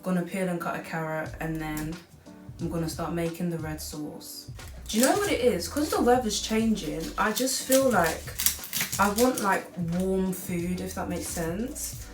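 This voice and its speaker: A late-teen woman vlogs from her home kitchen, seated at the counter, rambling chattily through a cooking video and saying "like" constantly. Her voice is fairly low and lively in intonation, a little slow. The room echoes, she's far from the mic, and music plays behind her.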